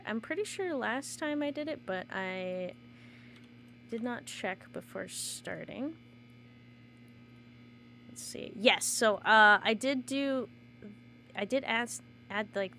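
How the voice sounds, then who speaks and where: A woman streaming a game with giggly, excitable casual commentary. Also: fairly high pitch, a little hiss or hum.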